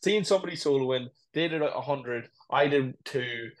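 A man's voice: mid-range voice, normal speed. A man co-hosting a podcast, talking reflectively and often starting with "it's like, listen". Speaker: podcast co-host. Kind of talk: casual chat.

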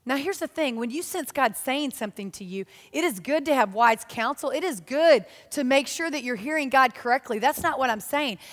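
Woman preaching, high voice, animated and joking at herself, long reverb like a big hall. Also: normal speed, few pauses. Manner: animated, self-mocking storytelling. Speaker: church speaker. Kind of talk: sermon.

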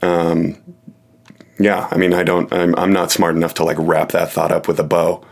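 Low-voiced guy on a podcast, kinda hesitant, restarts a lot, pokes fun at himself. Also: completely flat delivery, normal speed, creaky. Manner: hesitant, restarts often, self-deprecating. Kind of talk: casual podcast chat.

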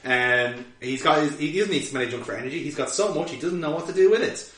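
A man's voice: on the high side, quick pace. A man co-hosting a podcast, casually recapping an episode with swearing and laughter. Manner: animated, swearing, laughing storyteller. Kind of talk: casual chat. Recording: roomy, distant mic.

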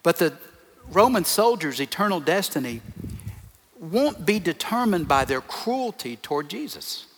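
A man's voice: on the high side, very animated, measured pace, a bit bright. A man, a pastor, preaching a sermon to his congregation in an emphatic way, piling up short repeated phrases. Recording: long reverb of a large hall.

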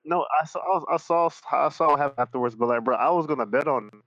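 A man in casual chat, reacting with slangy remarks and quick questions. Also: medium pitch, fairly bright tone, dry recording, highs cut off.

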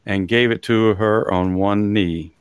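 A man's voice: lowish voice, fairly even intonation, measured pace, smooth, no room sound, studio quality. A man with a Texan accent hosting a casual talk show, rambling with many fillers and frequent chuckles. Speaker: host. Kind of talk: casual podcast chat.

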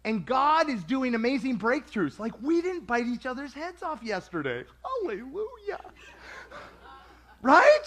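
A man preaching a sermon to a congregation in a lively, conversational way, acting out quoted voices. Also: very high voice, a little slow, slight background noise.

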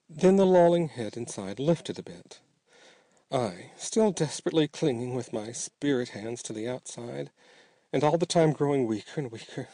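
Man telling a dark tale, mellow voice. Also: on the high side, dry recording. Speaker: narrator. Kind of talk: audiobook storytelling.

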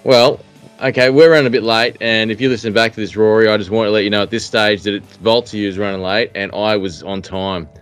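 A man's voice: on the low side, fairly even intonation, brisk, clean tone, soft background music. A man hosting a casual podcast interview, chatty and joking, with mock-formal introductions. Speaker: podcast host.

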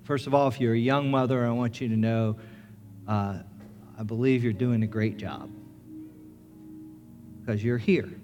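A middle-aged man, a pastor, preaching a sermon in an earnest storytelling manner, rising to loud excitement as the story builds. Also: mid-range voice, unhurried, long pauses. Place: church sanctuary. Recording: reverberant church with music.

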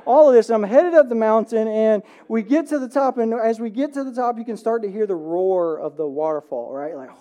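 A man's voice: sits high, fairly quick, hardly any pauses, warm tone, dull audio. A man in his thirties, a pastor preaching an Easter sermon in church in a conversational storytelling way, often checking in with "right?". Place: church sanctuary.

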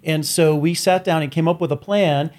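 A man's voice: on the high side, fairly even intonation, normal speed, a little mellow. A man, co-hosting a podcast and telling long stories while laughing at his own jokes. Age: 40s. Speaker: podcast co-host. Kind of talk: casual chat.

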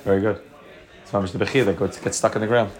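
A man's voice: fairly low pitch, steady tone, quick pace, crowd noise. A man teaching a Torah class, explaining at length with frequent restarts and Hebrew terms mixed into his English.

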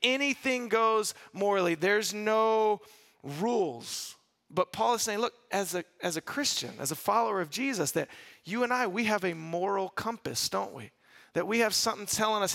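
A man preaching a sermon to a congregation in a relaxed, conversational way, restarting phrases and drawing the crowd in. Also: high voice, normal speed, gravelly. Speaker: pastor.

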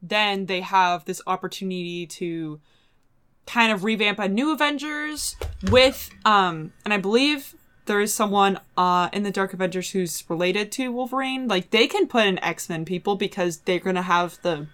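A woman hosting a casual pop-culture podcast, animated and emphatic, often trailing off mid-sentence. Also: medium pitch, moderate pace. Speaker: podcast host reading news.

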